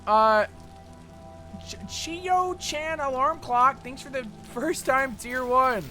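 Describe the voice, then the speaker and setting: A woman's voice: sits high, a bit bright. A woman streaming a game, chatting casually, teasing and giggling, with frequent swearing. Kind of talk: casual gaming stream chat.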